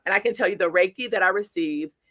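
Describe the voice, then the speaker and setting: A woman guest speaker and coach telling stories in an interview, animated, acting out the quotes and speaking straight to the audience. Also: medium pitch, fast talker, no room sound. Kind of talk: storytelling interview.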